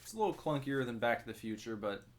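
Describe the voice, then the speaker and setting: A man's voice: medium pitch, expressive, quick pace. A young man co-hosting a podcast in casual, laid-back chat. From Ohio. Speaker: podcast co-host.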